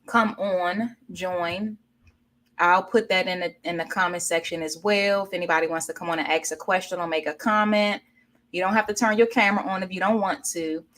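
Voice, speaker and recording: A woman's voice: lowish voice, fairly even intonation, moderate pace, fairly bright tone. Rambling woman host on a livestream. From Washington, D.C. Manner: rambling, reads viewer comments aloud. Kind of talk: casual livestream chat.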